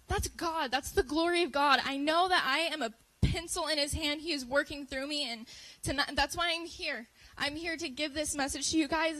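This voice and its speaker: A woman's voice: high voice, bright, forceful tone, poor audio. A teenage girl giving an earnest church testimony, building to impassioned moments. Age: teens. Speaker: youth speaker giving a testimony. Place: church service.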